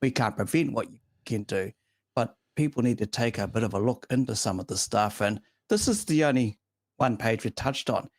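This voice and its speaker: A man's voice: mid-range voice, animated, moderate pace, no room sound. A man hosts a casual racing talk show in an ordinary middle register. He talks with emphasis and strong opinions, stringing long runs together. The sound is dry, with no room behind it. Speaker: show host. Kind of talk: casual podcast chat.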